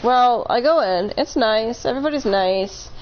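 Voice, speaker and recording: A woman's voice: on the high side, animated, moderate pace, lo-fi sound. Rambling woman telling a story on stream. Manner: rambling, self-correcting, laughs between points. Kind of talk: casual storytelling on a live stream.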